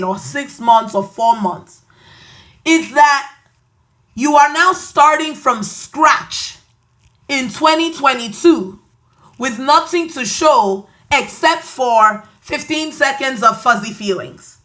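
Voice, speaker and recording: Nigerian lady podcast host, preachy and emphatic, bright punchy voice. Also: high voice, lively intonation, slow. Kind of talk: motivational podcast monologue.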